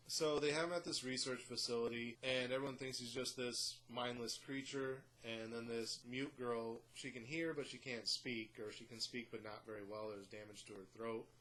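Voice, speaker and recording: Male vlog host, mid-pitched and blunt, irreverent plot recap. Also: fairly even intonation, moderate pace, few pauses, sharp tone, rough recording. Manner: blunt, irreverent, filler-heavy. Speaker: movie review host. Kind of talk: casual spoken movie review.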